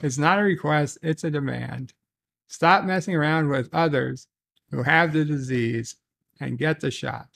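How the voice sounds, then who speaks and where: On a casual solo livestream, a male host reads viewer messages aloud slowly and haltingly, restarting and muttering asides. His voice is slightly high with vocal fry and a fairly bright tone.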